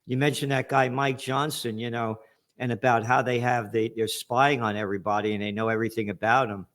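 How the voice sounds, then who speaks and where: A man's voice: medium pitch, fairly even intonation, a little fast, a bit bright. A man hosting an interview, speaking bluntly and often restarting his sentences. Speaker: host.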